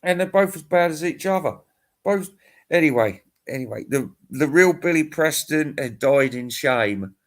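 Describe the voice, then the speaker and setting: A man's voice: fairly high pitch, lively intonation, normal speed. A middle-aged man in a casual, rambling monologue. He sounds tired, swears freely, rants and chuckles as he goes. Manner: profane, ranting, chuckling. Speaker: music vlogger.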